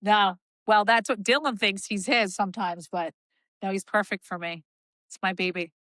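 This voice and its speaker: A woman co-hosting a podcast, telling lively stories in casual chat and acting out the people in them. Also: mid-range voice, moderate pace, dry recording. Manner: animated storytelling with quoted voices. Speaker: podcast co-host.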